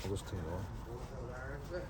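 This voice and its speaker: Brief: builder on the job, terse remarks, clear site noise behind. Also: male voice, medium pitch, animated, slow, a little mellow. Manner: short, offhand remarks while working. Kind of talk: casual chat on a work site.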